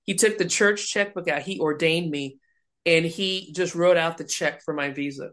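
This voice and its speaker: A woman's voice: on the low side, moderate pace. An ordained woman minister, a guest in a faith interview, telling stories and acting out the voices she quotes. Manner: animated, acts out quoted voices.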